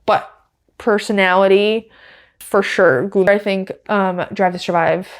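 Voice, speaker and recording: A woman's voice: mid-range voice, fairly even intonation, measured pace. A woman hosting a podcast, giving casual, wry commentary with lots of fillers. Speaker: podcast host.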